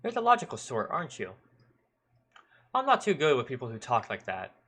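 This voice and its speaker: A man's voice: mid-range voice, wildly swooping pitch, fairly quick, fairly bright tone, slightly rough, heavily acted. A man voicing a sly middle-aged police detective who speaks with smarmy, overly polite chuckling. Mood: mocking.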